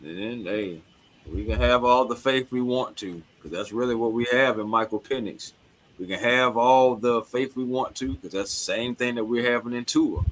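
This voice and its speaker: A man's voice: medium pitch, normal speed, low-quality recording. A man, co-hosting a casual sports talk show in a laid-back, slangy way.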